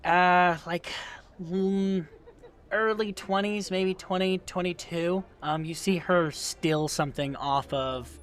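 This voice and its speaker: A man's voice: sits high, steady tone, takes it slowly, a bit bright. A man narrating as game master in a casual, rambling way full of fillers.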